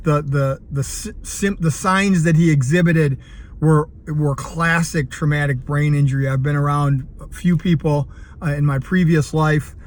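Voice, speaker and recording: A man's voice: a little high, a little hiss or hum. A man in his fifties, a coach, telling a personal story earnestly, with frequent fillers and restarts. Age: 50s. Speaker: CrossFit coach. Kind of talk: casual personal vlog storytelling.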